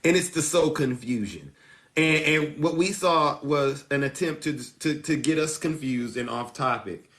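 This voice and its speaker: Bright, fervent male livestream host. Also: a little high, unhurried. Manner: fervent, preacher-like cadence. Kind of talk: political livestream chat.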